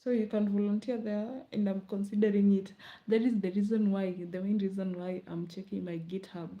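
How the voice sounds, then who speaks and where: A young Kenyan woman with a Kenyan accent chatting casually late at night, rambling and laughing, often dropping to a soft murmur. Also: mid-range voice, steady tone, brisk, lo-fi sound. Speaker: vlogger.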